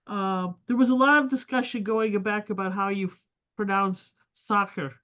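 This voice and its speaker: A woman's voice: mid-range voice, steady tone, moderate pace, a bit bright. A woman moderating a Q&A, chatting in a hesitant, rambling way with many fillers. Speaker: moderator reading questions. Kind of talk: casual Q&A chat. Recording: dull lo-fi sound.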